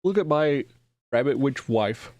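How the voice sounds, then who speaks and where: A man's voice: mid-range voice, animated, measured pace, a little mellow, dry recording. A young man streaming a video game, rambling in a self-deprecating way and fussing at his microphone. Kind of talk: casual gameplay commentary.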